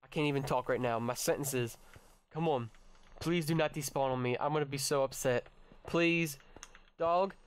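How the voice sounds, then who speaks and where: A young man hosting a let's-play, chatting excitedly with his viewers and his pet, cursing when startled. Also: medium pitch, moderate pace, smooth. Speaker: gaming channel host. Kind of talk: casual let's-play commentary.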